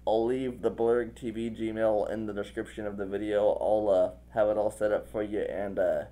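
A man's voice: fairly low pitch, little pitch movement, normal speed, warm tone. A man hosting an interview, chatting casually and praising his guest effusively. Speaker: interview host.

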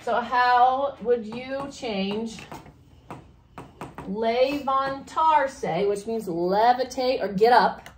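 A woman's voice: on the high side, extremely slow. A woman teaching a Spanish grammar lesson to a class, explaining step by step and asking questions. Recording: echoey classroom, faint noise.

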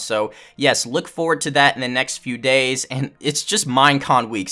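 A young man hosting a gaming channel, talking in an excited, hyped-up casual commentary. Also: mid-range voice. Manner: hyped, enthusiastic. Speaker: gaming YouTuber.

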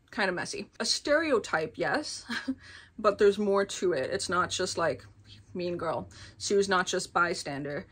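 A woman giving a casual, rambling book review, full of filler words and quick laughs. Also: medium pitch, fairly bright tone. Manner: chatty, rambling, many filler "like"s, laughs often.

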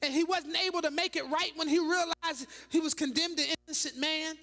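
A woman bishop delivers a lively, dramatic sermon, throwing rhetorical questions at her congregation. Her voice sits high and sounds bright and sharp. It rings out with a long reverb through a large church hall. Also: brisk. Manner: animated, dramatic preaching with rhetorical questions and laughing asides. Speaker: bishop preaching.

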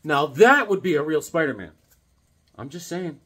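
A man's voice: on the high side, expressive, moderate pace, fairly bright tone, husky. A man showing off his comic book collection in a rambling, joking way, often acting out little conversations in silly voices. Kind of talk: casual comic collection show-and-tell.

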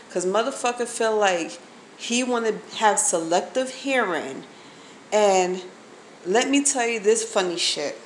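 A woman's voice: mid-range voice, lively intonation, a little slow, a little hiss or hum, rough recording. Angry woman venting to her viewers. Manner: emphatic, profane, addresses viewers directly. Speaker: vlogger.

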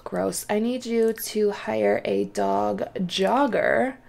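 A woman's voice: mid-range voice, vocal fry, warm tone. A woman hosting a let's play, chatting casually through her gameplay, often exclaiming and talking to the characters on screen.

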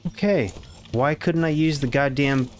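A man hosting a horror game playthrough, jumpy and panicky, cursing loudly when startled. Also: on the high side, a little slow, a little hiss or hum. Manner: jumpy, panicky, swears a lot. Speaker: gaming channel host. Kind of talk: let's play commentary.

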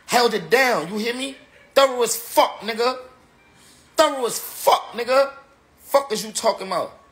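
A man's voice: very high voice, normal speed, fairly bright tone. A tipsy man, a battle rapper, ranting on a livestream in an emphatic, repetitive, slangy way. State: tipsy from drinking. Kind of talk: casual livestream rant.

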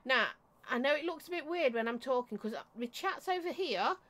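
Animated and fairly bright, her high-pitched voice moves at a moderate pace. She hosts a casual home live stream where she reviews vapes, chats affectionately, greets viewers by name, and coughs and clears her throat a lot.

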